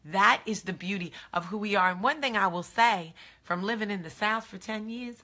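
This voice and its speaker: Bright-voiced chatty Jersey woman. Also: mid-range voice, normal speed. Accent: New Jersey. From from New Jersey. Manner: chatty and confiding, trailing off into asides. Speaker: host. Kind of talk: casual chat to camera.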